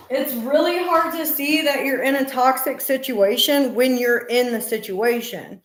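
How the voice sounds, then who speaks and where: Middle-aged woman, casual live-stream chat, unhurried, earnest, emphatic, fillers, roomy echo. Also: high voice.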